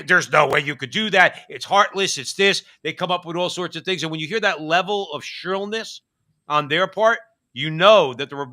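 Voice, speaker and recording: Ranting hard and often backing up to restart, a male co-host from the United States talks politics on a chat show. His voice is high-pitched, bright and forceful.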